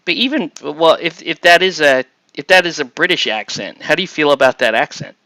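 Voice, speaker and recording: A man's voice: a little high, lively intonation, fairly quick, bright, forceful tone, dry recording. A man in easygoing casual chat with friends, laughing often. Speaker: hobby streamer.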